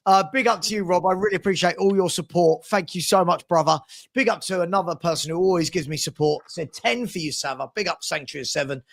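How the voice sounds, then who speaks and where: A chatty man hosts a casual live stream and reads viewers' messages aloud. His voice sits fairly high for a man. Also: fast talker, gravelly, fairly bright tone. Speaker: livestream host. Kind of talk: casual live watchalong chat.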